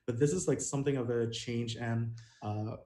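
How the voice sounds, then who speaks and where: A man from Indonesia, a campus missionary, chatting as a guest on a video call, relaxed, with many fillers and frequent laughs. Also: mid-range voice, moderate pace, echoey room. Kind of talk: casual interview over video call.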